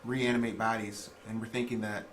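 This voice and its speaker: A young man speaking in character as a player in a tabletop game, earnest and a little halting. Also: lowish voice, level tone, fairly bright tone, slight background noise.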